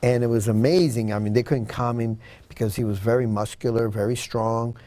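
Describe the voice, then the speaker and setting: A man's voice: medium pitch, fairly even intonation, brisk, warm tone. A man telling a personal story in an interview, earnest and dramatic, acting out what people said. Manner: earnest, dramatic retelling with acted-out quotes. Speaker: guest.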